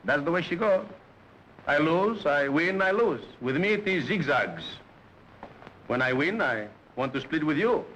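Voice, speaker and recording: An actor playing a boisterous immigrant gambler, speaking broken English and chuckling often, in 1930s film dialogue. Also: male voice, a little high, lively intonation, measured pace, a bit bright, slight background noise, poor audio. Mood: puzzled.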